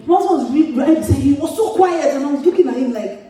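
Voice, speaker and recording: A woman's voice: high voice, fast. A woman pastor spins a humorous story for her congregation, laughing as she goes. Her voice rings through a large echoing church hall, picked up from a distance. The crowd's laughter swells behind her. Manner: animated, laughs often mid-sentence. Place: church auditorium. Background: audience laughter.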